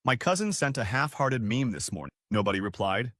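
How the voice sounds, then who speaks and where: A man reading a first-person story aloud in a plain, steady storytelling tone. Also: medium pitch, fairly quick, no echo, clean studio sound. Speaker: narrator.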